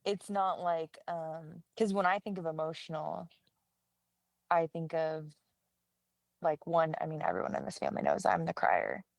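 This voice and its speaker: A woman's voice: low voice, lively intonation, moderate pace, creaky, no room sound. A woman in casual chat, telling stories and acting out quoted lines with laughter. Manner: chatty storyteller, often laughing, acts out quotes. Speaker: guest co-host, younger sister.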